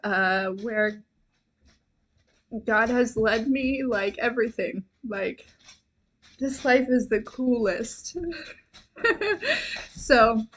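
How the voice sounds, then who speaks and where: A young woman hosts a casual live stream, talking to her viewers at an unhurried pace. Her voice is bright and slightly high. She rambles with fillers and giggles and turns tearful with gratitude. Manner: emotional, giggly, grateful, tearful at times; chatty, rambling with many fillers. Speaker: livestream host and intuitive reader. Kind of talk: casual livestream chat.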